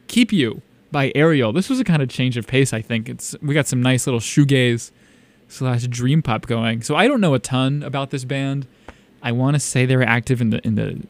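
Gravelly young man chatting on radio. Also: mid-range voice. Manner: chatty, rambling, full of "like" and "um". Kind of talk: casual radio music chat. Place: small radio studio.

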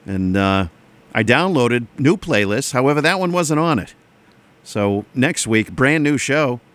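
A man's voice: mid-range voice, lively intonation, a little slow, fairly bright tone. A man hosting a casual radio show, rambling and self-deprecating in an offhand way. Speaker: radio DJ host.

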